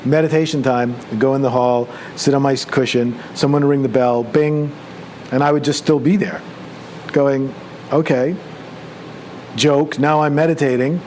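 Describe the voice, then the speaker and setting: A male meditation teacher telling a personal story during a retreat talk, conversational and animated as he acts out his own excited thoughts. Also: medium pitch, moderate pace, slight background noise. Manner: relaxed, conversational, with many fillers.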